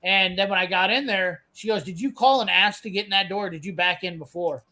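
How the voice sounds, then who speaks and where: A man's voice: high-pitched, fairly quick, pushed and bright, low-quality recording. A man, ranting profanely and bluntly as he tells a work story in casual chat. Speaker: host telling a work story.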